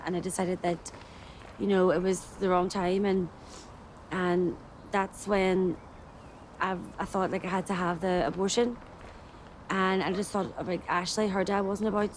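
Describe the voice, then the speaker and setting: An actress playing a resolute young British single mother who speaks softly and haltingly, repeating herself, in a verbatim theatre monologue. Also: medium pitch, a little hiss or hum, close to an everyday voice. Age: young adult. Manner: soft-spoken, halting, repeats words. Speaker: young mother recalling her past.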